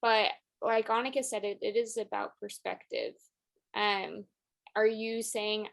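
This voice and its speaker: A woman's voice: medium pitch, unhurried, vocal fry. A woman co-hosting a podcast, speaking earnestly in casual chat with frequent "like". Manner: earnest, lots of "like". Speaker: podcast co-host.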